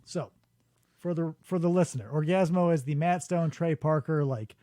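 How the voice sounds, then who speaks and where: High-voiced guy rambling through a funny story, bouncy and animated, dry studio sound. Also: dry recording. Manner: animated, jumps into quick voices and laughs a lot. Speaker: podcast host. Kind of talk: casual comedic storytelling. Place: radio studio.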